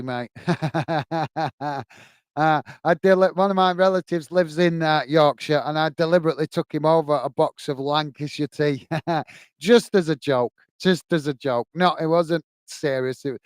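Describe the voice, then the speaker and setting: A man's voice: fairly high pitch, normal speed, clean tone, dry recording. Chatty man hosting a match watch-along. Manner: chatty, rambling, frequent self-corrections and fillers; friendly, calls viewers "mate". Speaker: football watch-along host. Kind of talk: casual live match commentary and chat reading.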